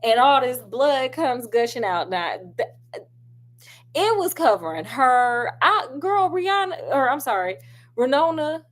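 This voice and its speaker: A woman giving a chatty, animated casual film review, talking straight to her viewers. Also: high voice, unhurried. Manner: animated, chatty, calls viewers girl and honey.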